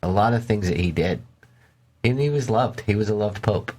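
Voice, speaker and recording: A man's voice: lowish voice, moderate pace, a little mellow, breathy edge. Man co-hosting a paranormal podcast. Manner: joking, profane asides while reading. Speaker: podcast co-host. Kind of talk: casual podcast chat, reading stories aloud.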